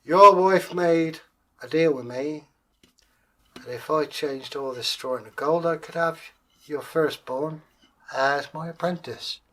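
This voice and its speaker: A man putting on a shouting, hot-tempered little dwarf. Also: a little high, takes it slowly, full character voice. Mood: demanding. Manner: shouting, indignant. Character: small angry male dwarf, boastful, hot-tempered.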